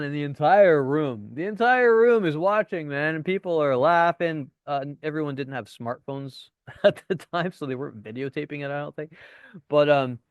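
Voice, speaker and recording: A man teaching a casual webinar as a dating coach, chatty and swearing now and then, acting out deadpan lines. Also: a little high, no echo, muffled recording.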